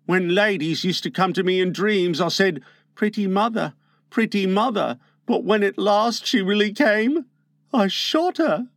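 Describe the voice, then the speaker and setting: A man's voice: high-pitched, unhurried, no echo, clean studio sound, voice pushed up. A man voicing a timid, earnest little boy in an audiobook, with a pleading delivery. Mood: sorrowful. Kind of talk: audiobook character voice.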